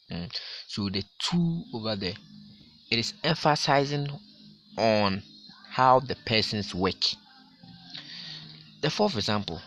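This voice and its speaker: A man teaching a grammar lesson to his class, explaining slowly and repeating his examples with strong stress. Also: on the low side, expressive, fairly bright tone, faint music behind. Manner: slow, repetitive explaining with emphatic stress.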